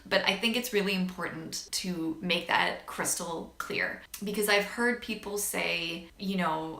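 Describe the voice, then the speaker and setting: A woman's voice: lowish voice, unhurried, gravelly, few pauses, pushed and bright. A young woman in her twenties vlogging about her health, candid and chatty with lots of filler words. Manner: chatty and candid, lots of "like", gets emotional and laughs. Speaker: vlogger sharing a health story. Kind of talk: casual talk to camera. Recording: echoey room.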